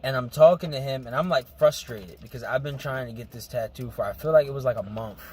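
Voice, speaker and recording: A man's voice: medium pitch, fast, darkish tone, breathy edge. A young man telling a story in loose street slang as a podcast co-host. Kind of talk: casual chat.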